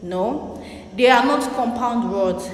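A woman's voice: on the high side, slow. A woman teaching young children a spelling and reading lesson, spelling words out letter by letter and repeating them. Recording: echoey room with long reverb.

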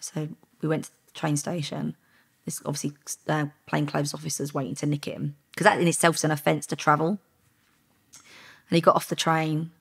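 A former undercover officer from England tells her story in a casual interview. Her voice sits very low, husky and gravelly. She acts out each exchange with lively energy. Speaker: former undercover police officer, podcast guest.

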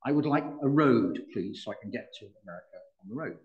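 A man's voice: fairly low pitch, expressive, quick pace, muffled recording. A man voicing an aging statesman in a told joke, weary and matter-of-fact. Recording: roomy hall.

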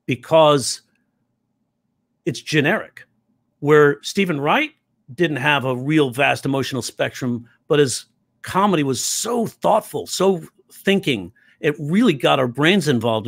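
A man's voice: a little high, vocal fry, no room sound. A middle-aged man, a comedy writing teacher, talking in an interview and telling stories with acted-out quotes. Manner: animated storyteller who acts out quoted voices. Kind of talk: conversational interview.

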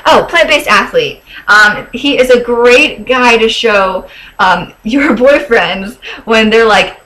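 Young woman vlogging, bubbly and gushy, kinda high voice, lots of likes and ums. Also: a little slow, bright, forceful tone, poor audio. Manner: gushing, chatty, with fillers and laughs. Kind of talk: casual chat.

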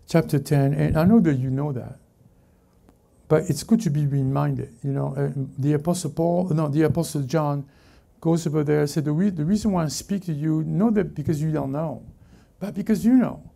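A man preaching a sermon as pastor to a congregation in church, halting and often correcting himself mid-sentence. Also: on the high side, vocal fry, dark tone. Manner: halting, self-correcting preaching with many restarts. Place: church service before a congregation.

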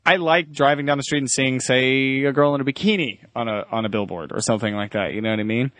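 A young man co-hosting a podcast, chatting casually with sarcastic, deadpan jokes. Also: mid-range voice, fast, dry recording. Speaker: podcast co-host. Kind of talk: casual chat.

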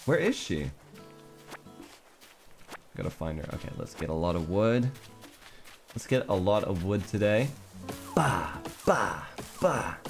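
A man's voice: low-pitched, animated, unhurried, pauses often, darkish tone, faint music behind. A young man streaming a cartoon life game, chatting casually and thinking aloud as he plays. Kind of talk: casual gameplay commentary.

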